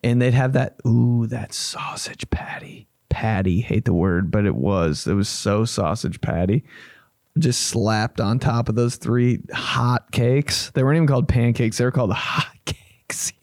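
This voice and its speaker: A man's voice: medium pitch, normal speed, darkish tone, no echo. A man hosting a comedy podcast, riffing loosely and profanely, joking as he reacts, on a close mic. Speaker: podcast host.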